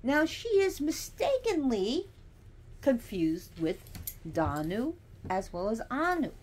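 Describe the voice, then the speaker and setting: A woman's voice: on the high side, very animated, slow pace, a little mellow, a little hiss or hum. A woman giving a casual teaching monologue, chatty and digressive, with sassy asides.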